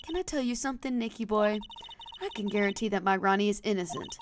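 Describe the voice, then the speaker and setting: A woman's voice: mid-range voice, lively intonation, fast, background noise, lightly acted. A woman voicing a doting, protective woman with a slight country accent in a game read-aloud.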